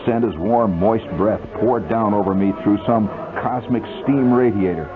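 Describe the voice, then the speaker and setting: A man's voice: lowish voice, moderate pace, music in the background. A man reading his own story aloud on the radio in a wry, vivid, mock-dramatic style, on a tinny old aircheck.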